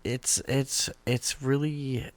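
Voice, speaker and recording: A man's voice: mid-range voice, fairly even intonation, slow pace, no room sound. A man co-hosting a casual talk show, laughing and trading crude jokes. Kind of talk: casual joking chat.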